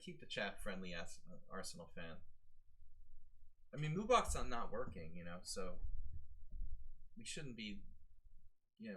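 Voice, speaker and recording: A man's voice: lowish voice, a bit bright, poor audio. A man giving casual, rambling commentary on his live chess stream, talking to his chat with lots of fillers. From American.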